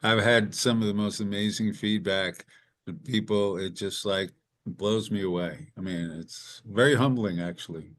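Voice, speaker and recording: A man's voice: fairly low pitch, normal speed, a bit bright. A man hosting a music industry panel, reading the chat aloud and giving practical advice in a casual way. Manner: advising, reads the chat aloud.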